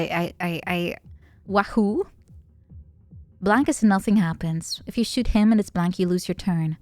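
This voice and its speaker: A woman streamer chatting casually while playing a game, playful and giggly, thinking out loud. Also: mid-range voice, no room sound. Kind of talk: casual gaming chat.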